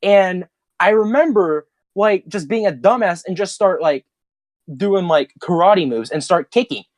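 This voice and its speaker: A young man co-hosting a podcast, swapping childhood stories with a friend. His pitch swings widely as he talks, and he sounds animated and profane, laughing as he goes. The sound is dry and close. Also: a little slow, no room sound. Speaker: podcast co-host. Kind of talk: casual storytelling chat.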